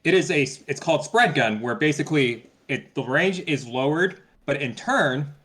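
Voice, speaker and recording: Lively, bright-voiced man. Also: a little high, moderate pace. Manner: hesitant narration with restarts. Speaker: player. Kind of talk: tabletop game play.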